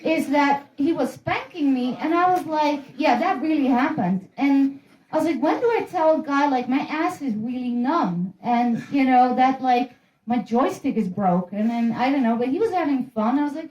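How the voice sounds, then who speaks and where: A woman's voice: high-pitched, expressive, normal speed, a little mellow, highs cut off. A woman rambles through crude, self-mocking stand-up stories. Her talk is loose and profane, full of restarts. The room around her is roomy and echoey. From Netherlands. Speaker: stand-up comedian. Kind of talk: casual stand-up storytelling. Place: room in a private house. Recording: roomy echo.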